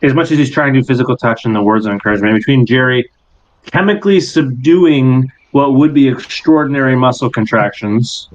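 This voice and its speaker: A man running a tabletop game as game master, narrating scenes slowly and descriptively with pauses. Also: medium pitch. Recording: dull lo-fi sound.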